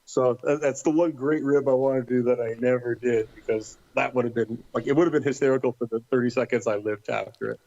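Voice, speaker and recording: Gravelly man telling a wild road story. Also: mid-range voice, brisk, few pauses, muffled recording. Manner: animated, acts out voices in quotes. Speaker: podcast guest. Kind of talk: casual storytelling.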